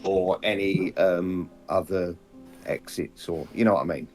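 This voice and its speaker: A man with a low, deep voice, talking hesitantly through his turn at a tabletop game. Faint guitar music plays in the background. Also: fairly even intonation, unhurried, a little mellow, rough recording. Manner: hesitant, filler-heavy. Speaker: player. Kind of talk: casual tabletop game chat.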